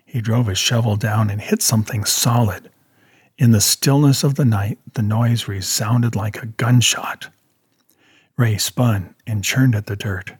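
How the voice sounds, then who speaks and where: A man narrating a story in a steady audiobook style. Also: on the low side, husky, dry recording, studio quality. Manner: steady storytelling, voicing characters.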